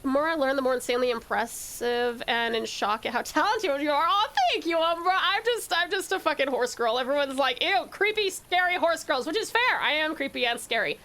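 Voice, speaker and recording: A woman's voice: high-pitched, a little fast, hardly any pauses, a bit bright, slight background noise. A woman from Tasmania, chatting bubbly and laughing with her viewers while streaming a game. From Tasmania, Australia. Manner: bubbly, laughs often, talks to chat. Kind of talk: casual live-stream chat while gaming. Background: faint game music.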